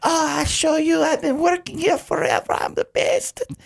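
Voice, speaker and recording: A man putting on a deliberately bad, squeaky impression of a clumsy, boastful Italian waiter with a fake Italian accent. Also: animated, gravelly, full character voice. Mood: silly boastful. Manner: squeaky, exaggerated, bad on purpose. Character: goofy high-voiced male Italian waiter, boastful, clumsy.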